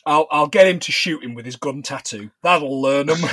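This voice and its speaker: A high, bright male voice that jumps all over the place as he recounts a film in casual chat. He is animated and sweary and quick to laugh. The sound is dry and close. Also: slightly rough, no echo. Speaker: podcast co-host.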